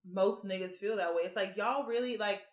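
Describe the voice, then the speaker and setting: A woman's voice: mid-range voice, brisk. A woman co-hosting a podcast, chiming in with agreement and profane remarks in casual chat. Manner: frequent agreeing interjections, profane. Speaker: podcast co-host. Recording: echoey room.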